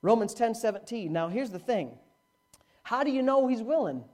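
A middle-aged male pastor preaching a sermon, with dramatic swings from hushed to loud. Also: normal speed. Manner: animated preaching with dramatic swings in pitch and volume. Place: church, live-streamed.

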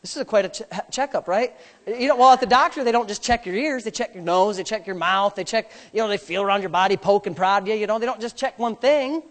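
A man preaching a sermon as pastor, repeating phrases in a rhythm, calling for amens, and swinging between hushed asides and loud outbursts. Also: high-pitched, fast talker. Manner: repetitive, rhythmic phrasing with calls for amen.

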